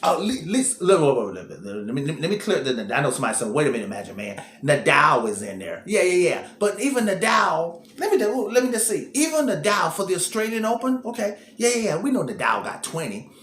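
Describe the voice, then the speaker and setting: A man hosts casual tennis commentary, thinking out loud and circling back on his own words. His pitch rises and falls a lot. The room is echoey and carries a faint background hiss. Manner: animated, repeats words, thinks aloud.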